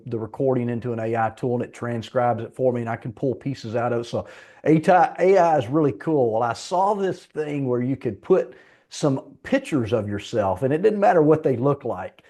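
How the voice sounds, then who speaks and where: A middle-aged man with a Southern US accent, a podcast guest who tells relaxed, self-deprecating stories in casual speech. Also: mid-range voice. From Little Rock, Arkansas, USA. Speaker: podcast guest, leadership coach. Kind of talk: conversational podcast interview.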